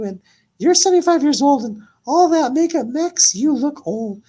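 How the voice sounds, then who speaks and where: A man doing a high, sassy rapper queen. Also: mellow. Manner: scolding singsong insults. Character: sassy mocking female rapper Invisible Queen. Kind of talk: a cappella diss rap.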